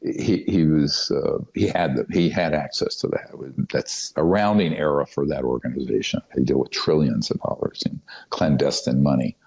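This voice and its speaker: An older man with a very deep, low voice tells his story as an interview guest. He talks emphatically and conspiratorially, restarting sentences and filling pauses with "um" and "uh". The sound is a little dull and muffled, like lo-fi podcast audio. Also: gravelly, a little mellow, husky. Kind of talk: long-form interview storytelling.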